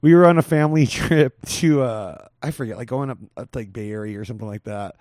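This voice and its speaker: A man's voice: medium pitch, fast, darkish tone, dry recording, studio quality. A man in his forties hosting a podcast, chatting casually, laughing often and trailing off mid-sentence. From California. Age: 40s. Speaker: podcast host.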